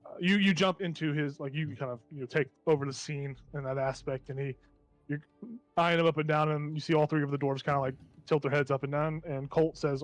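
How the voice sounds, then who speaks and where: A man running a tabletop game, describing the scene in a loose, rambling way full of fillers. His voice is slightly high and dry and close, with soft music faint behind. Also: steady tone, a little fast, dry recording. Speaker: game master.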